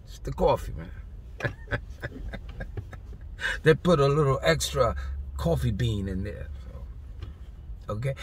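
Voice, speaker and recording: A man preaching an energetic, playful sermon, swinging from loud shouted bursts to quiet asides. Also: a little high, gravelly, husky. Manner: exuberant, shouting bursts, playful scat sounds. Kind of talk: energetic street-style sermon.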